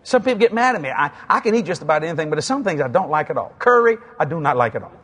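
Speaking rapid-fire in a fairly high, slightly rough voice, this Cajun preacher from South Louisiana, a man in his sixties, delivers funny stories from the pulpit. He's animated, plays both parties in the dialogues, and chuckles as he goes.

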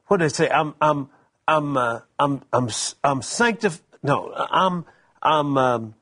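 A male minister in a relaxed Christian talk conversation. His voice is husky and a bit high, rising and falling animatedly, and he restarts his phrases often as he presses his point. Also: slow. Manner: stammering restarts, animated testimony. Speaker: minister co-host. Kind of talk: casual preaching conversation.

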